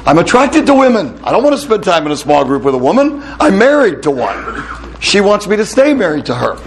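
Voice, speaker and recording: A middle-aged male pastor giving a lively talk to a room of men, telling stories and putting questions to the crowd. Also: sits high, a little fast, a little hiss or hum. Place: hall with a live audience.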